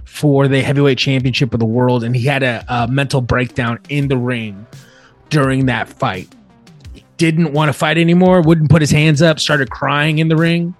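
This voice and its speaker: A man co-hosting a podcast, telling a story in a relaxed, halting way. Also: mid-range voice, faint music behind. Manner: relaxed, hesitant storytelling with fillers. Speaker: podcast co-host. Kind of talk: casual chat.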